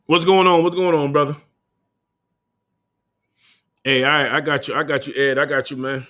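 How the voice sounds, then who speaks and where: A man's voice: a little high, steady tone, normal speed, bright, forceful tone. A young man hosting a casual livestream, bantering loosely in slang, swearing and calling out to his viewers. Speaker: livestream host.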